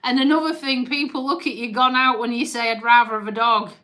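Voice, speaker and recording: A woman's voice: fairly high pitch, steady tone, fairly quick, sharp tone. A woman hosting a casual live stream, chatting and joking with viewers, swearing freely and teasing them. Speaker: livestream host.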